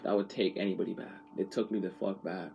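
Rambling, profane man with a low voice. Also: fairly even intonation, fast, vocal fry, mellow, dull audio, a little hiss or hum. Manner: rambling, profane, slangy, many restarts. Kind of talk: casual chat.

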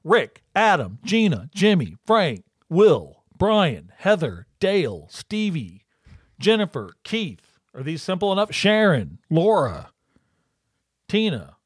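A man's voice: high voice, wildly swooping pitch, takes it slowly, slightly rough, dry recording, clean studio sound. A man casually chatting as co-host, telling a story with lots of swearing and acted-out quotes. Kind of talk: casual chat.

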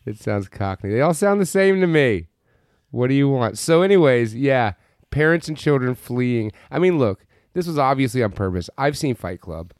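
A man co-hosting a podcast in casual chat, chiming in with quick jokes and laughs. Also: medium pitch, animated, darkish tone, no echo, studio quality. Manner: quick jokey interjections, laughs often. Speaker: podcast co-host.

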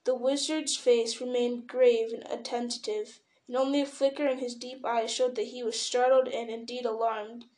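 Reader: woman, fairly high voice, even, unhurried narration of a novel. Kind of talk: reading a novel aloud.

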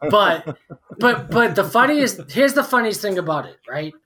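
A man in his forties, a few drinks in, spins a story as a podcast guest, swearing freely and leaning on fillers. His pitch leaps around a lot. His tone is bright and edged. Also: moderate pace. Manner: profane, animated storytelling with lots of fillers. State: tipsy from drinking. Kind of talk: casual storytelling.

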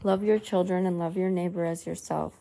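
A woman's voice: fairly low pitch, fairly even intonation, a little fast, creaky, warm tone. A woman reading a religious book aloud in an earnest, pleading way.

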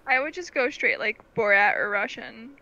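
A woman chatting playfully on a podcast with quick quips. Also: a little high, bright, forceful tone, dull audio. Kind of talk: casual chat.

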